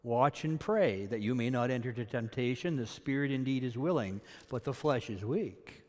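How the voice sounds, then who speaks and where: A male pastor preaches in a church sanctuary, and his voice carries a long, lingering reverb from the hall. He sits at an average pitch for a man. He moves between forceful emphasis and hushed, low-key remarks. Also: moderate pace. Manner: animated preaching, loud emphatic peaks then quiet asides. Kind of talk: sermon.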